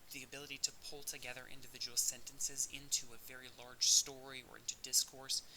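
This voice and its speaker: A man talks through a recorded audio lecture in a clear, explanatory way and now and then restarts a phrase. His voice is very bright. A faint hiss sits under the recording. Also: medium pitch, poor audio. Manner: explanatory, with occasional fillers and restarts. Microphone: audio-only recording.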